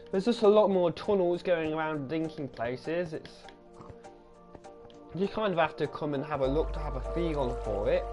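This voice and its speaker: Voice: medium pitch, a little mellow. A gaming channel host, giving a casual, rambling tour of a game world, correcting themselves and repeating the same praise.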